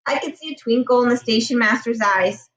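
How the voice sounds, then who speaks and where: A woman with a high voice reads a novel aloud in a gentle, steady storytelling manner. The recording has a roomy echo, and she sits some way back from the mic. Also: fairly quick, recorded from a distance. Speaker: reader.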